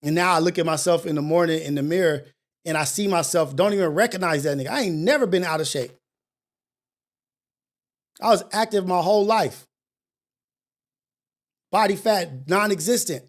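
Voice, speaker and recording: A man's voice: high voice, moderate pace, pauses often. A middle-aged man hosting a morning show, giving a blunt, profane, self-mocking motivational monologue.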